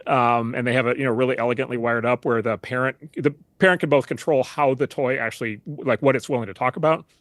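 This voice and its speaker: Man, middle-aged, interview guest, rapid speech, lots of "you know" and restarts, dry close sound. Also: medium pitch, steady tone, dry recording. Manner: fast, full of fillers and restarts. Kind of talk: casual interview talk.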